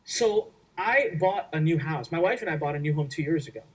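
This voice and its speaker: A man presenting a workshop, giving an energetic sales pitch in an emphatic, repetitive way. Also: fairly quick, slightly rough, recorded from a distance, poor audio. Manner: emphatic, repetitive, acts out quoted voices.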